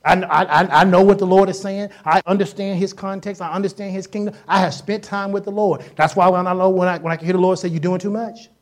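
With a lowish, steady voice, this woman talks fast and barely pauses while preaching. She keeps the sermon colloquial and jokey, imitating voices and sounds and repeating herself to stress her points.

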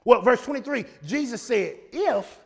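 High-voiced man preaching with fire. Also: normal speed. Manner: animated preaching, folksy, rising to shouts. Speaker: pastor. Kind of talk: sermon.

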